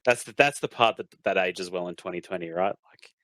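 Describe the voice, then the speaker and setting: Man, very deep voice, dry close sound, podcast host steering the talk. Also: a little fast, a bit bright, dry recording. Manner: leads topics, leans on "like". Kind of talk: casual film discussion.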